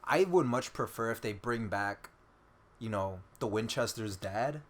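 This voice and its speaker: Excited nerdy man chatting. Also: lowish voice, a little slow. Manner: excited, swearing, acts out quotes with laughs. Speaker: podcast co-host. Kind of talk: casual fan podcast chat.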